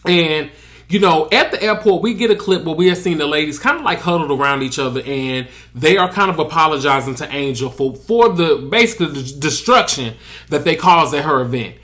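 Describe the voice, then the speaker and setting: A chatty man with a slightly high voice recaps a reality episode. He is sassy and talks right at the cast members as if they can hear him. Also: lively intonation, brisk, fairly bright tone. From US Gulf Coast, near Pensacola. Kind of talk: casual commentary recap.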